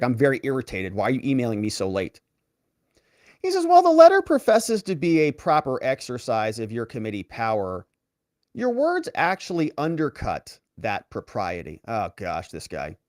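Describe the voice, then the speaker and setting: A male lawyer running a commentary show reads official letters aloud with animated, theatrical emphasis and cuts in with mocking asides. His pitch moves widely from line to line. The recording is dry and close, with no room sound. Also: moderate pace, no room sound. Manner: animated reading of quoted letters.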